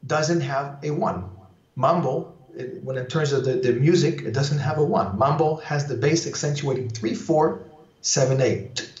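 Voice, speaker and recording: A man teaching salsa timing in a live online lesson, explaining at length and singing bass lines and beat counts aloud. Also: unhurried, darkish tone, reverberant, highs cut off. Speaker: salsa dance instructor.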